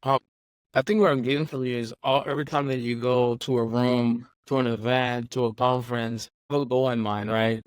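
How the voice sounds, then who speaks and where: A man hosting an interview podcast, relaxed and affirming, talking casually with plenty of fillers. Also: medium pitch, a little fast, clean tone, no echo. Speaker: podcast host.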